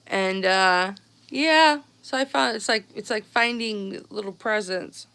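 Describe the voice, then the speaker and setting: Slow and smooth, with a sharp tone and vocal fry, a middle-aged woman's mid-range voice carries a live-stream story. As a vlogger addressing viewers, she chattily relates a childhood memory, playing the people in it.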